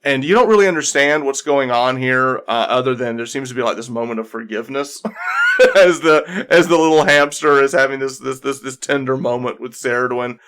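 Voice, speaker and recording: A man serving as game master, narrating scenes in a casual, loose way full of fillers. His voice sits at a middle pitch. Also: brisk, few pauses, a bit bright, clear, resonant tone.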